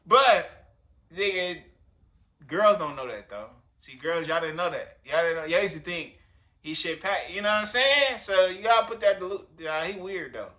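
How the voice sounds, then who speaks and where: A man riffing in casual reaction commentary, slangy and full of profanity. His voice sits high and rings bright and forceful. He jokes in loose asides. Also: animated, normal speed. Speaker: reaction video host.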